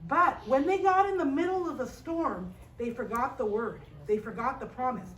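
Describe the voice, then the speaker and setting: A young woman telling a Bible story to a children's class, animated and asking the children questions. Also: high voice, normal speed. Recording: echoey room, voice from a distance, faint hiss. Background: children's group.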